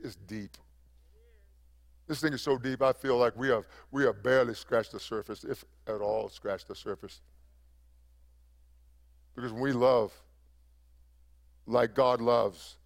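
A man's voice: medium pitch, creaky. A man preaching a sermon as pastor, emphatic and repeating phrases for effect.

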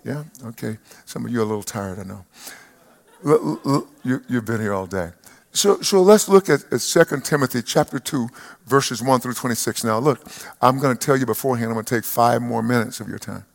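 An older male pastor in his seventies preaches to a live congregation. His voice is gravelly and mid-pitched, swelling into loud emphatic lines and falling back to quiet, personal asides. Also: brisk. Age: 70s. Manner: rises to loud emphatic peaks, drops to soft reflective asides. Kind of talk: sermon. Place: church service before a live congregation.

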